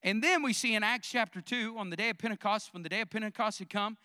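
A male pastor preaches with animated fervor, telling stories and driving home his points. His voice sits high and sounds bright and forceful. The recording is close and dry. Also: quick pace, no echo. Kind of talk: sermon.

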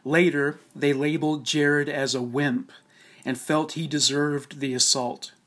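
A man reading a scripted documentary narration in a steady, measured, solemn way. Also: a little high.

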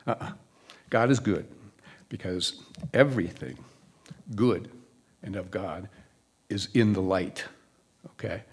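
Male minister, low husky voice, chatty sermon with questions to the flock. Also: slow pace, pauses often. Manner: conversational, asks the congregation questions. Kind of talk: church sermon.

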